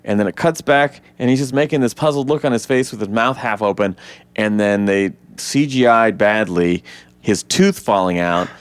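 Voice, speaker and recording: Animated male podcast host retelling a film. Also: normal speed, smooth, dry recording. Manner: animated storyteller, acts out characters in high voices. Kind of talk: casual film recap chat.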